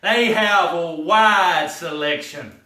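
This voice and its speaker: An actor playing a loud, blustering Southern male sheriff, drawling and shouting his lines on stage. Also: fairly high pitch, slow, heavily acted. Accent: American Southern. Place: small theatre stage. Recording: roomy theatre, from a distance.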